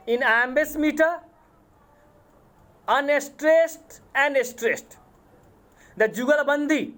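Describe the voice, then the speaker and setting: A man with an Indian accent, a college English lecturer giving a lecture, speaking deliberately, repeating terms and spelling words out letter by letter. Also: extremely high pitch. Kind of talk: classroom lecture on poetic meter.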